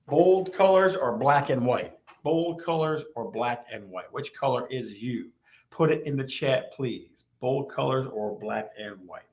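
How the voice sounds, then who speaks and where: A man hosting a live stream, teasing viewers and repeating his questions to the chat in a lively way. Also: mid-range voice, measured pace.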